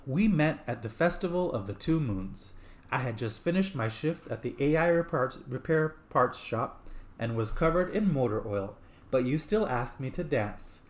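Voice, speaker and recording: A man voicing a grieving man who mimics his dead fiancée in a sweet, high, affectionate voice, reading from a game script. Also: expressive, normal speed, lightly acted. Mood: wistful.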